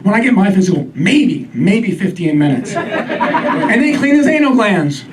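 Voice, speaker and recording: A man doing a stand-up comedy set on a club stage, wry with deadpan asides. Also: sits high, a little slow. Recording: distant mic, live crowd laughter.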